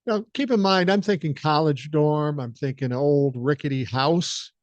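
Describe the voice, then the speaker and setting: A man's voice: a little high, unhurried, dry recording, dull audio. Blunt, profane older man telling a story. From American Midwest. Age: 60s. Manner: blunt and profane, laid-back. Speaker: podcast host. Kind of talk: casual storytelling monologue.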